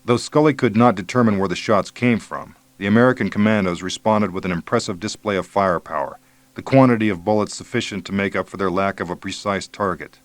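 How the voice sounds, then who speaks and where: A man narrating an audiobook in a measured, low-key way. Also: no echo.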